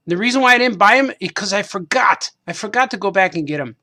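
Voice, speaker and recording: Man, slightly high gravelly voice, loose rambling chat while crafting, self-deprecating. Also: lively intonation, quick pace, pushed and bright. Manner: meandering, self-deprecating, repeats himself. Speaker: cartoonist hosting a craft stream. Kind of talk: casual rambling monologue while painting figures.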